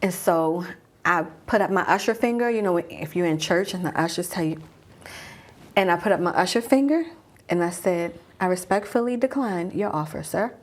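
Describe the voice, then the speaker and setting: Husky woman telling a personal story. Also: on the low side, animated, normal speed. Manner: guided-imagery storytelling, hushed at tense moments. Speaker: mom coach.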